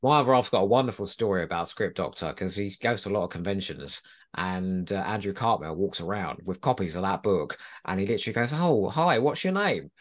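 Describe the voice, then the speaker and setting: A man's voice: deep voice, fast talker. A man co-hosting a podcast, chatting casually about books and acting out quotes in his stories. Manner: animated, acts out quoted people in an anecdote. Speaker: podcast co-host. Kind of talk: casual book discussion.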